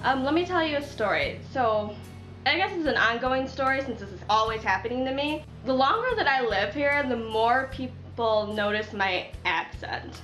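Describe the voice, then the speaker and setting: A woman's voice: a little high, animated, normal speed, fairly bright tone, reverberant, soft background music. A young woman with a Chicago accent telling stories casually and frankly in a vlog. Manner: chatty, frank, swears freely. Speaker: vlogger.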